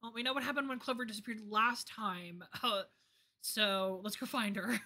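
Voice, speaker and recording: Bright-voiced woman streamer reacting. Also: fairly high pitch, steady tone, normal speed. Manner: loud reactive commentary, jokes and mimicry. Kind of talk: let's-play commentary. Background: lo-fi background music.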